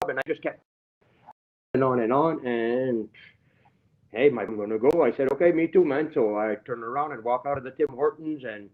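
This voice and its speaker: A man's voice: medium pitch, normal speed, phone-quality sound. A man rambling through a grievance in casual chat, swearing heavily. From Canada. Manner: rambling, heavily profane, aggrieved. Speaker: guest telling his story.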